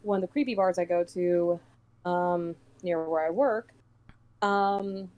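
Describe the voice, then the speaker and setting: A woman's voice: lowish voice, steady tone, a little slow, a little mellow, poor audio. A woman who works as a voice actress, guesting on a livestream, chatting casually and playfully with many ums over remote voice chat.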